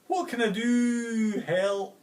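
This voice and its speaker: A man's voice: mid-range voice, expressive, moderate pace, noisy background, close to an everyday voice. A man doing a lonely budgie buyer. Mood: frantic. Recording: roomy and distant home video.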